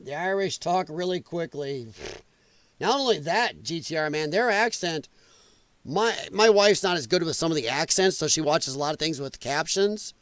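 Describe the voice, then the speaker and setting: A man's voice: fairly high pitch, lively intonation, normal speed, no room sound. A man hosting a podcast livestream, rambling in casual commentary and reacting aloud to viewer chat. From United States. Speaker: podcast host.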